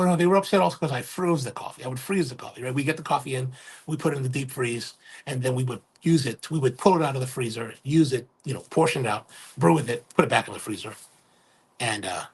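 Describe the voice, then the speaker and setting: A man's voice: mid-range voice, vocal fry, slightly rough. A middle-aged man hosting a casual livestream, rambling and correcting himself as he talks, often checking in with "right?". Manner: rambling, self-correcting, keeps asking "right?". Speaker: livestream host and coffee retailer.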